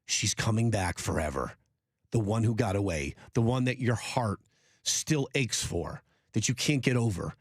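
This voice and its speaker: A man hosting a sports radio talk show, rambling and joking in a loose, animated way. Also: fairly low pitch, moderate pace, breathy edge, no echo, studio quality. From Polish heritage.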